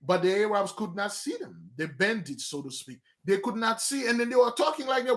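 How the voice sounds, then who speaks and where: A man's voice: high voice, brisk, hardly any pauses. A man leading an informal book study, telling the story with many restarts and asides. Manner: lively storytelling, acting out scenes. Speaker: study group teacher.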